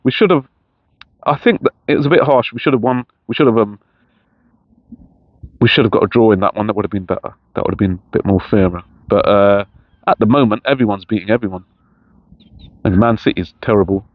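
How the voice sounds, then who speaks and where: A man's voice: on the low side, fairly quick, long pauses, no echo. A middle-aged man chatting casually outdoors in a park, rambling with many restarts. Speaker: vlogger. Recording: dull lo-fi sound with faint noise.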